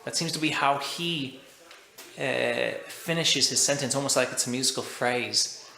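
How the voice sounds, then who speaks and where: A man's voice: medium pitch, a little slow, gravelly, sharp tone. Chatty young man on a webcam. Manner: upbeat, self-deprecating, chatty. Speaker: vlogger learning an accent. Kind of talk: casual self-recorded vlog. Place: home at night.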